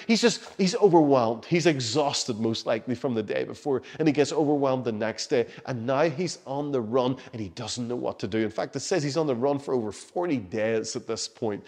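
A male pastor delivers a sermon with passion, his slightly high voice rising to urgent peaks and then falling to near-hushed lines. The recording carries a long reverb from a large church hall. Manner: passionate, shifts between loud urging and soft hushed lines.

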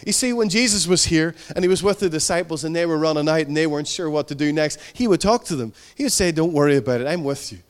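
A man preaching a sermon as pastor, fervent and repetitive, swinging between emphatic rises and hushed, tender passages. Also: on the high side, fast talker, hardly any pauses.

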